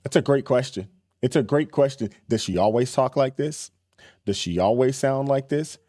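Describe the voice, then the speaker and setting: A man's voice: mid-range voice, expressive, normal speed, noisy background. A man hosting a reaction commentary channel, speaking emphatically and repeating his points with indignation.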